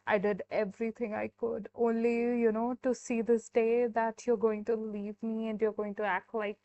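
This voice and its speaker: A woman's voice: fairly high pitch, flat delivery, normal speed, warm tone, clear, resonant tone, natural voice. A woman acting out a wounded, betrayed partner in a casual, lightly dramatic way. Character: hurt, betrayed partner who feels wronged. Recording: dull, dry sound.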